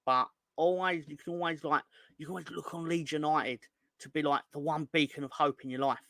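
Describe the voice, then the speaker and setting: A man's voice: a little high, fairly even intonation, brisk, bright, forceful tone, dry recording, studio quality. A young man hosting a fan live stream, ranting in an exasperated, sweary way and reading out chat hellos. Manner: exasperated, sweary, rising into angry outbursts. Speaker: fan channel host.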